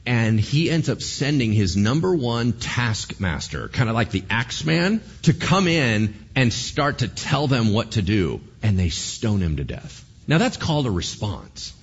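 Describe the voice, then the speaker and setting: A male pastor preaches with a husky, slightly rough voice that leaps wildly up and down in pitch. He keeps firing rhetorical questions at his congregation. The recording sounds dull and lo-fi. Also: sing-song, a little slow, few pauses. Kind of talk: sermon.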